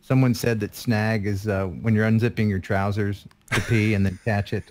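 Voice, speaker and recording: With a lowish, steady voice at normal speed, a man in his fifties co-hosts a live stream as a guest. The chat is casual; he pokes fun at himself and frequently trails off laughing.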